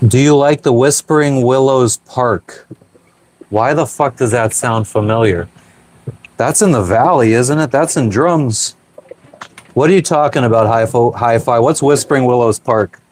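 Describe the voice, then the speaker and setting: A sailing vlogger from Pennsylvania reads his live chat while cooking on a small sailboat, talking loosely with viewers, answering questions and swearing freely. His voice is medium-pitched, unhurried and a little mellow, with slight background noise.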